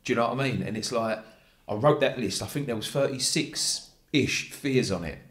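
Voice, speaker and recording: A man's voice: mid-range voice, normal speed, fairly bright tone. A man hosting a podcast interview, chatty and encouraging, with frequent agreeing backchannels. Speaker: podcast host. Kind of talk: casual interview chat.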